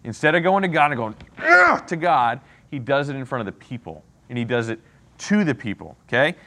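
Lively man teaching a Bible class. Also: mid-range voice, fairly quick. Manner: animated, checks in with "okay?" and "right?" often. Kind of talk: interactive Bible lesson.

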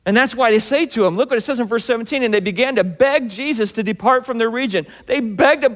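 High-voiced pastor preaching in a hall. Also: male voice, quick pace, hardly any pauses, fairly bright tone. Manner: conversational, acts out Bible scenes in dialogue. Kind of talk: sermon.

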